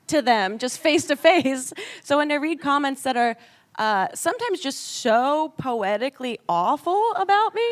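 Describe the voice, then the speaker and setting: A woman on a panel speaking wryly, laughing things off. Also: high-pitched. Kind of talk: panel discussion.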